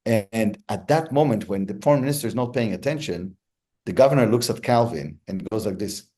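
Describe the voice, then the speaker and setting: A man with a fairly low, mellow voice talks through his experiences as a negotiator in an interview. He is thoughtful and unhurried, often restarting his sentences as he works out what he wants to say. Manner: thoughtful, many restarts, relaxed storytelling pace. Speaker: hostage negotiator guest. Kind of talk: reflective interview storytelling.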